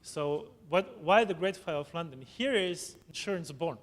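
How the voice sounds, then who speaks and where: A man giving a conference presentation, halting, with frequent restarts and tag questions. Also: a little high, animated. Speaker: conference speaker. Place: conference hall. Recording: long hall reverb, faint noise.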